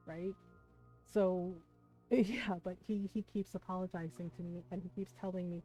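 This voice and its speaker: A woman streamer with a lowish voice chats casually with her viewers at a moderate pace, her intonation fairly even. She's emotional and near tears, with many fillers and "right?" asides, over dull lo-fi stream audio and soft music.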